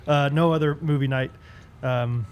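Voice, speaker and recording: A young man co-hosting a podcast in casual chat, laughing often and telling animated stories. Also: medium pitch, a little slow, slight background noise. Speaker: podcast co-host.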